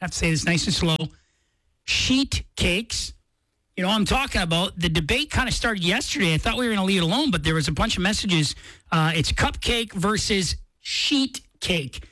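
A man's voice: high-pitched, animated, racing, bright, forceful tone, dry recording. A man hosting a morning radio show, chatting casually and correcting himself as he goes. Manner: rambling, self-correcting, chatty. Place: radio studio. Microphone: studio microphone.

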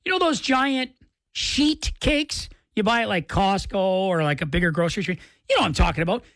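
A man's voice: sits high, sing-song, very fast, gravelly, fairly bright tone, no room sound. A man hosting a casual radio show, chatty and rambling with lots of fillers. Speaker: radio host. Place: radio studio.

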